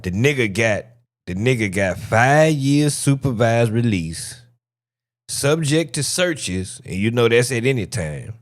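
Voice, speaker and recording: A man hosting a live stream, reacting to clips and chatting casually with his audience in a loud, profane, joking way. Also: medium pitch, a little slow. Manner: excited, profane, laughing banter with chat.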